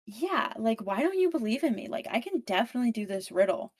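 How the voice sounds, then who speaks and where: A woman's voice: fairly high pitch, sing-song, a little fast, darkish tone. A woman doing a bubbly, tipsy young heroine. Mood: proud. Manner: bubbly and sing-song.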